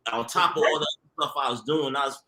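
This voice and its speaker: A man's voice: medium pitch, brisk, bright, forceful tone, echoey room. A man who works as a TV producer, telling stories in a casual, slangy conversation and laughing often. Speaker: TV producer guest.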